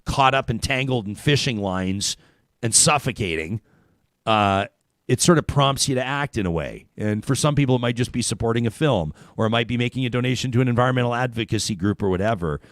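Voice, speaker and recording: A man's voice: medium pitch, fairly quick, no echo. Chatty male talk show host, dry sound. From Canada. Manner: animated storyteller, chatty with many restarts. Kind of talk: casual talk show chat.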